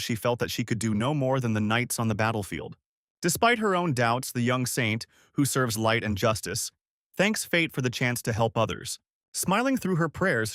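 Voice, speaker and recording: A man narrates a scripted story recap, his mid-pitched voice held in an even, descriptive storytelling delivery. He sits close to the mic, with a dry, dead sound and no room around him. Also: dry recording.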